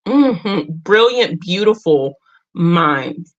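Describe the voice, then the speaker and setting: A woman's voice: on the low side, expressive, very slow, lo-fi sound. A middle-aged woman hosting a casual livestream. She talks straight to her viewers, earnest and emotional. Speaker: livestream host.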